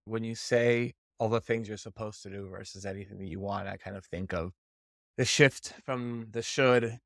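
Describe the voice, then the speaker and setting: A man's voice: fairly low pitch, steady tone, moderate pace, fairly bright tone, no echo, clean studio sound. A man hosting a podcast, asking questions in a chatty, encouraging way with small restarts. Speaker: podcast host. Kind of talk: casual interview talk.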